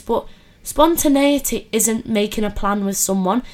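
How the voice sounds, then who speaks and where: A woman's voice: on the high side, moderate pace. Chatty young woman. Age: 20s. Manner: chatty, animated, many fillers and laughs. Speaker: podcast host. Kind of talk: casual storytelling chat.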